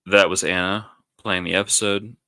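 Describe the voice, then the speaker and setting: A man's voice: sits low, flat delivery, normal speed, bright, forceful tone, no room sound. A man co-hosting a live podcast, chatting casually and rambling with many restarts. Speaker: podcast co-host. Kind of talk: casual chat. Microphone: live stream mic.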